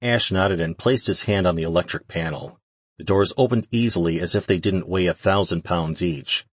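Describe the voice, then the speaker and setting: A man narrating a fantasy audiobook in a steady, even reading. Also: deep voice, normal speed, breathy edge, no room sound. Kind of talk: scripted narration.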